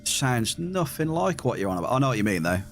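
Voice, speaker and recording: A man's voice: mid-range voice, sing-song, fast talker, vocal fry, soft background music. A man chatting casually with his live-stream viewers as he plays a game, teasing them with dry humor. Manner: dry teasing, banters with chat.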